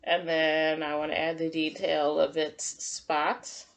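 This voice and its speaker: A woman teacher giving a gentle, encouraging drawing lesson to young children and talking through each step as she draws. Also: low voice, flat delivery, takes it slowly, few pauses. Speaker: kindergarten teacher.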